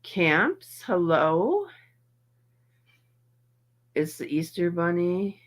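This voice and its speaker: A woman's voice: fairly low pitch, very animated, drawn-out words. A middle-aged woman hosting a livestream, chatting casually and greeting her viewers by name while in some pain and feeling a little off. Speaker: livestream host reacting to videos.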